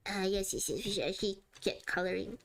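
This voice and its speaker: A woman's voice: mid-range voice, fast talker, creaky, fairly bright tone, soft background music. A woman streaming live while she draws, chatting casually with viewers and laughing often. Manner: giggly and chatty, often laughing mid-sentence. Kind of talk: casual livestream chat.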